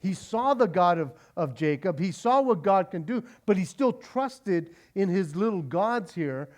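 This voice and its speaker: A pastor teaching through a Bible passage in a conversational, animated sermon style, often restarting his phrases. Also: high-pitched, measured pace. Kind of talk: expository sermon.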